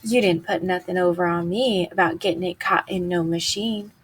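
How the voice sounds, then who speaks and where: A woman's voice: on the low side, fairly even intonation, normal speed, a little hiss or hum, natural voice, poor audio. A woman reading as a lonely, coaxing young ranch wife. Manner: coaxing, chatty.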